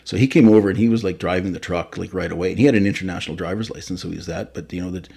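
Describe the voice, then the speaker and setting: A man's voice: sits low, very fast, vocal fry, warm tone, husky. A man in his fifties from Canada, a fire chief telling stories in a casual interview, rambling and correcting himself as he goes. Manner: rambling, self-correcting storyteller.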